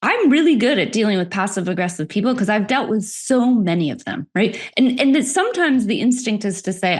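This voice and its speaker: A middle-aged woman, a workplace expert, talking as a podcast guest, animated and quick to laugh. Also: medium pitch. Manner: animated, laughs often, speaks in quick bursts. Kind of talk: conversational interview.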